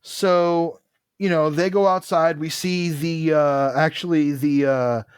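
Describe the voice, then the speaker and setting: A man's voice: a little high, steady tone, slow pace, smooth, dry recording, studio quality. A man co-hosting a casual comic book podcast, retelling scenes and reading the characters' dialogue aloud. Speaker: podcast co-host. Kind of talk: casual chat.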